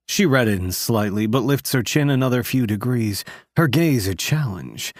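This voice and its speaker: Male narrator, first-person novel, wry and conversational, close dry mic, mid pitch. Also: lively intonation, normal speed, hardly any pauses, no echo. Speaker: audiobook narrator.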